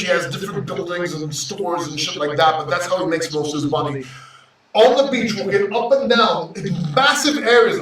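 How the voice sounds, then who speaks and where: A man's voice: sits high, distant mic, a little hiss or hum. Brash emotional man, roomy and off-mic. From Greece. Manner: emotional, brash, swearing, swings loud and quiet. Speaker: crypto YouTuber reading live chat. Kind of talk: livestream chat with viewers. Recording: roomy echo, off-mic sound.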